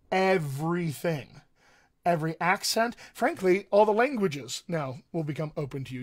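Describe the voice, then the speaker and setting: An American man coaches actors over a livestream, talking at a desk mic. He is earnest and emphatic and keeps coming back to his key phrases. His voice sits a little high for a man. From United States. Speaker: dialect coach. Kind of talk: livestream teaching talk.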